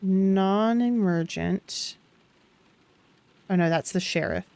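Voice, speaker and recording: A woman streamer reading game text aloud as she plays, in an even, mid-pitched voice. She breaks off now and then for small asides and restarts. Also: takes it slowly, creaky, no room sound.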